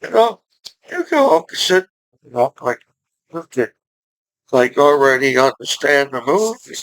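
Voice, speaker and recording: Slow, rambling forty-year-old man. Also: mid-range voice, big pitch swings, dry recording, rough recording. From United States. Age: 40s. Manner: slow, meandering, with many "you know" fillers and sudden loud outbursts. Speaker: vlogger. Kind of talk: rambling monologue to camera.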